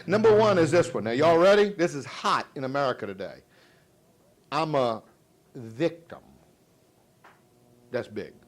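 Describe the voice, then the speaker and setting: A middle-aged Virginian gives a live motivational sales speech in a slightly high, very animated voice, moving quickly with hardly any pauses. He swings dramatically from loud to hushed, tells jokes and gets the crowd calling back answers to his questions.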